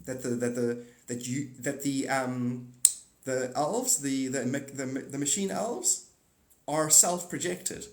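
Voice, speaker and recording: A man hosting a live stream, talking in a rambling monologue, animated and swinging between loud outbursts and muttered asides. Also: medium pitch, takes it slowly, echoey room.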